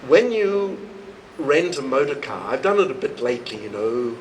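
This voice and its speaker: A man, a swami, giving a devotional talk to a live audience, telling stories slowly and acting out the dialogue. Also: slight background noise, poor audio. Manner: slow, storytelling, acts out dialogue with expressive rises in pitch. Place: retreat hall, recorded live.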